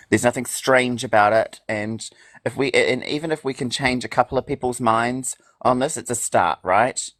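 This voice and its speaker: A panelist on a live stream, speaking in an earnest, halting way. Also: medium pitch, dry recording. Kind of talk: casual chat.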